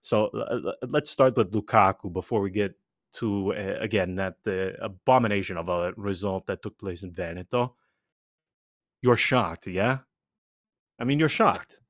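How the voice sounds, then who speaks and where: A man's voice: on the low side, unhurried, dry recording, clean studio sound. A man co-hosting a casual podcast, rambling through asides and restarts with emphatic energy. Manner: animated and emphatic. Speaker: podcast co-host.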